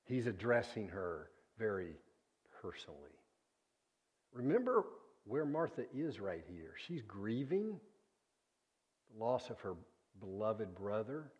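A man preaching a sermon, earnest and deliberate, often sinking to a hushed low voice on key words. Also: big pitch swings, husky.

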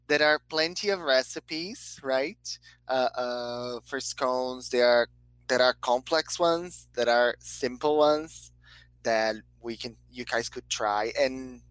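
A woman's voice: rumbling low, clean tone, dry recording, poor audio. Upbeat woman hosting a chat. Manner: upbeat, encouraging, many quick yeses. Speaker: host. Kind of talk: casual podcast chat. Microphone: video call.

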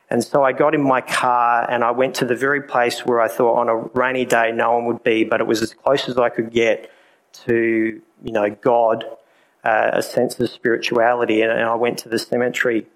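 A man telling a personal faith story in a lively, self-mocking way, sometimes speeding up for emphasis. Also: mid-range voice, low-quality recording.

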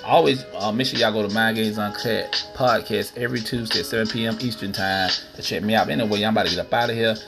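A man's voice: lowish voice, fairly even intonation, quick pace, creaky, hardly any pauses. A man hosting a podcast, ranting casually and profanely while addressing listeners as y'all. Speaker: podcast host. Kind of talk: casual solo rant. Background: music playing.

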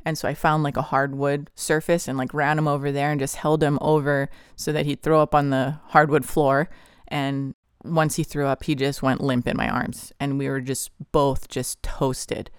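Earnest podcast host with a smooth voice. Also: mid-range voice, flat delivery, normal speed, dry recording, studio quality. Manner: earnest, vivid, with frequent "like" fillers. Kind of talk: personal testimony storytelling.

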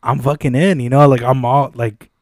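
A man telling a long story in casual podcast chat, animated and swearing often, acting out the dialogue. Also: medium pitch, moderate pace, no room sound, clean studio sound. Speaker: podcast co-host. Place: podcast studio.

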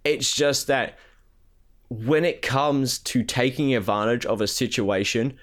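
A man's voice: medium pitch, measured pace, a bit bright. A man co-hosting a casual gaming podcast, ranting with lots of swearing and mocking impressions. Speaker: podcast co-host.

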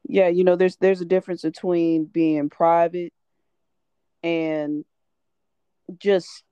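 A woman's voice: on the low side, little pitch movement, slow pace, warm tone, smooth, dry recording, dull audio. A woman co-hosting a casual chat, laid-back and plain-spoken.

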